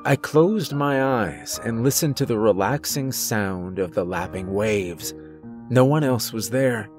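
A man narrates a horror story in a slow, measured way, with a somewhat low voice. Faint music runs underneath. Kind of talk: scripted narration.

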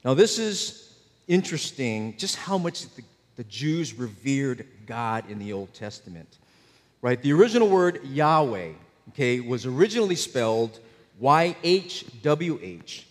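Pastor preaching in a reverberant hall. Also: male voice, medium pitch, big pitch swings, unhurried. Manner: explanatory, conversational teaching with frequent "right?" asides. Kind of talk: sermon. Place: church.

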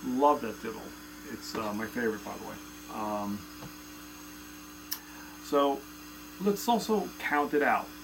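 A man's voice: mid-range voice, expressive, a little slow, vocal fry, pauses often, very noisy. A man teaching a casual drum lesson, counting beats and chanting stroke names aloud in a loose, chatty way. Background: loud drumming.

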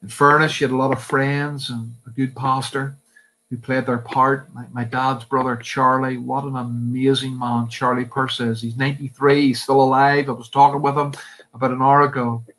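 A man in his fifties with a Northern Irish accent, a pastor telling his life story as a sermon testimony in earnest, with emphatic pauses. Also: mid-range voice, little pitch movement, fairly bright tone, slight background noise, rough recording. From Northern Ireland.

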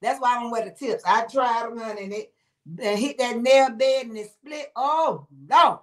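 A woman's voice: fairly high pitch, moderate pace, a bit bright. A woman hosting a casual livestream chat, laughing often and calling her viewers honey and baby. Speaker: livestream host reading viewer comments.

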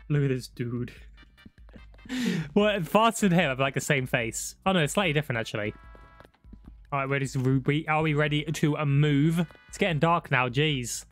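Young guy yapping over a driving game, bright voice, faint music behind. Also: fairly high pitch. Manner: excitable, shouts when startled, laddish banter. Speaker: gaming YouTuber. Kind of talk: casual gameplay commentary.

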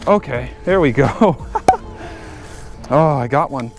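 Over music, a man with a mid-range, animated voice talks slowly and pauses often. Outdoors by a lake, the fishing vlogger narrates casually to viewers while working on his car and fishing, chatty and easily frustrated.

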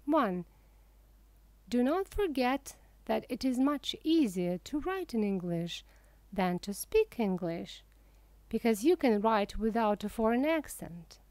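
A woman narrating a humorous audiobook for English learners, reading in a careful, even way. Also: fairly high pitch, slow, dry recording.

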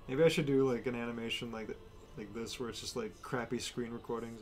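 A man's voice: mid-range voice, steady tone, measured pace, pauses often, faint music behind. A man chatting casually and rambling as he draws, with lots of fillers. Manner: rambling, filler-heavy, laid-back. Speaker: artist sketching on stream. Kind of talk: casual chat while drawing.

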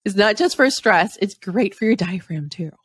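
A woman's voice: mid-range voice, lively intonation, normal speed, slightly rough, no room sound. A woman hosting a podcast interview, blunt and enthusiastic, swearing and laughing often. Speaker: podcast host.

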